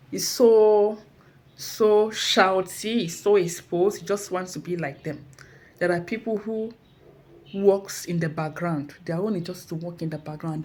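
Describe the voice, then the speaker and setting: A woman with a Nigerian accent giving an inspirational talk, telling a story about herself and then speaking about callings and gifts. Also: mid-range voice. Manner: animated storytelling, acts out her colleagues loudly. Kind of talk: motivational talk with personal story.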